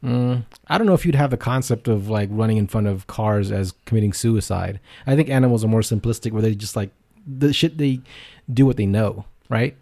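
A man's voice: lowish voice, a little fast, gravelly, dark tone. A man co-hosting a podcast who asks crude, absurd follow-up questions and swears casually. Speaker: podcast co-host.

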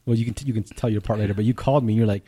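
A man's voice: lowish voice, fairly even intonation, rapid-fire, dark tone, slightly rough. A man co-hosting a casual podcast, jumping into his friend's story with teasing remarks and frequent laughter. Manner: teasing, interjecting listener who laughs often. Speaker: podcast co-host. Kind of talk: casual chat.

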